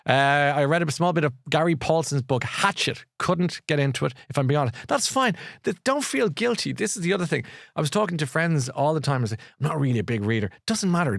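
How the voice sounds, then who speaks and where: A man's voice: fairly high pitch, gravelly, dry recording, studio quality. Chatty man hosting a live show. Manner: chatty and enthusiastic, with frequent restarts. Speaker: host of a live book and culture show.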